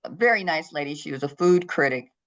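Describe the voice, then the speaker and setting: A woman's voice: low voice, lively intonation, a little fast. A middle-aged woman, a podcast guest, telling a story in an interview and acting out the voices of the people in it. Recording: dull lo-fi sound.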